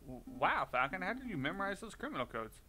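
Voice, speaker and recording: A man's voice: sing-song, fast, sharp tone, slight background noise, heavily acted. A man voicing a nervous young male sparrow lawyer who stammers and sounds flustered. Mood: amazed. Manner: flustered, stammering and high-strung.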